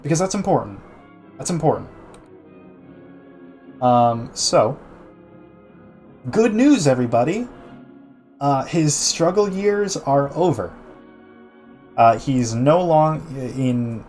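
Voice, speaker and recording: A man's voice: mid-range voice, a little mellow. A man streaming a casual art gallery talk, chatty, with many restarts, answering his chat. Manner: chatty, frequent restarts and fillers, laughs easily, reads chat aloud.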